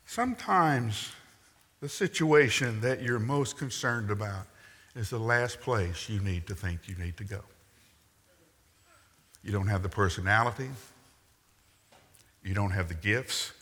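Bright-voiced male preacher in a reverberant hall. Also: lowish voice, measured pace, pauses often, slightly rough. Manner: storytelling preacher, acts out quotes, wry asides. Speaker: pastor. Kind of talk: sermon. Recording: long reverb in a large hall.

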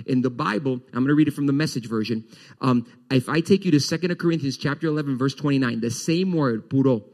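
A male pastor preaching a sermon to his congregation, animated, his voice rising and dropping as he explains scripture. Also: fairly high pitch. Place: church.

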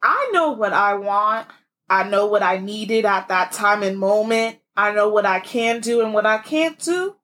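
A young woman co-hosting a casual chat, lively and acting out what she once said. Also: mid-range voice, measured pace. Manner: animated, acts out her own past remarks.

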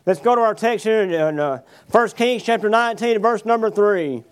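This sermon comes from a high-voiced man speaking fairly quickly in a clear, resonant tone. He reads scripture aloud, paraphrases it with fillers, and asks the congregation rhetorical questions as they respond with amens.

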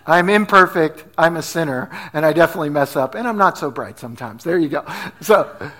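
A man's voice: a little high, lively intonation, fairly quick, fairly bright tone. A man preaching a sermon as pastor, talking conversationally, asking the congregation questions and telling stories with energy.

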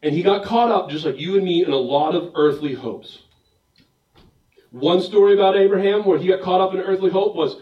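Animated preacher man in an echoey hall. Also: sits high, fairly quick, muffled recording. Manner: animated, joking storyteller acting out bits. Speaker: pastor. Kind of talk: sermon. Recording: roomy echo, mic at a distance.

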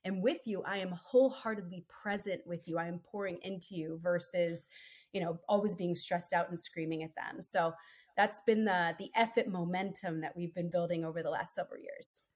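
A woman's voice: lowish voice, fairly even intonation, moderate pace. A woman in her thirties, a guest on a podcast, telling her own story in an earnest, upbeat, conversational way, often tagging lines with "right?". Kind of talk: casual interview chat.

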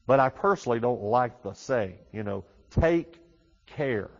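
A male pastor delivers a sermon in a conversational way, stumbling and repeating words as he builds his points. He pushes key phrases out loud and slow, then drops to quick, hushed asides. The recording is muffled, with a long reverb from a large hall. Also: medium pitch, creaky.

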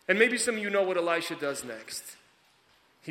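A man preaching a sermon in a conversational, storytelling way, getting lively in the stories and dropping soft and low for his closing points. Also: brisk, big-room sound. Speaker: pastor.

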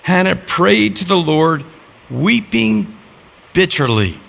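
A middle-aged man preaches a sermon and acts out the voices in his stories. His voice sits a little high and carries a heavy gravelly fry. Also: sing-song, slow pace, a bit bright. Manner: storytelling with acted-out dialogue. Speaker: pastor.

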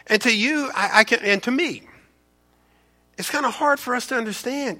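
A man's voice: very high voice, big pitch swings, fairly quick, sharp tone. A man preaching a sermon as a pastor, emphatic and preachy, repeating words and asking rhetorical questions. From United States.

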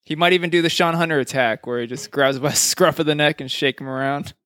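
A man's voice: fairly high pitch, fast, fairly bright tone, dry recording, studio quality. A man co-hosting a podcast, calling dice rolls with loose, swearing, jokey banter. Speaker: podcast co-host. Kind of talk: casual chat narrating a dice battle.

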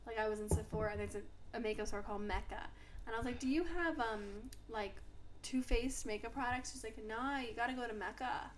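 A woman's voice: a little high, steady tone, brisk, noisy background. A young woman hosting a podcast in giggly, chatty casual conversation. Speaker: podcast host. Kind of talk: casual chat.

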